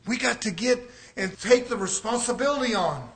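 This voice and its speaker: An older man preaching a sermon, swinging between shouted questions and quiet asides. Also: extremely high pitch, expressive, brisk, hardly any pauses.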